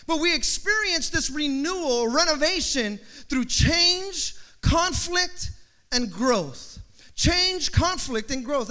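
A man's voice: extremely high pitch, pushed and bright. A male pastor preaching a sermon in a rising, repeating preacher cadence, with humorous asides and family stories.

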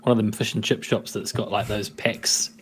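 A man's voice: on the low side, little pitch movement, moderate pace, a bit bright, a little hiss or hum. A man playing a tabletop game and cracking wry jokes about the loot. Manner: joking, wry asides. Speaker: player. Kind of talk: casual play chat.

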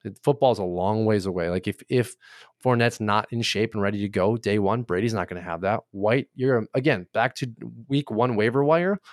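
A man's voice: on the low side, normal speed, dry recording. Blunt opinionated young man, dry close mic. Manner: blunt, opinionated, swears freely. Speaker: podcast co-host. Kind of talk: casual sports chat.

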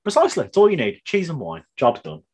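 A man's voice: on the high side, huge pitch swings, fast talker, darkish tone, breathy edge. A man from the UK co-hosting a podcast, with teasing, easygoing banter. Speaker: podcast co-host. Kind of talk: casual chat.

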